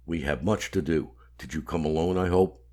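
A man voicing a gruff, guarded male underground contact who speaks curtly and drops to a hiss when he lowers his voice. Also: normal speed, darkish tone.

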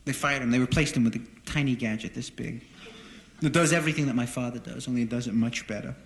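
A man doing a stand-up monologue in front of an audience, telling deadpan, self-deprecating stories. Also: medium pitch, fast. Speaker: stand-up comedian. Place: live venue with an audience. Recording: roomy live recording with noise. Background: audience laughter.

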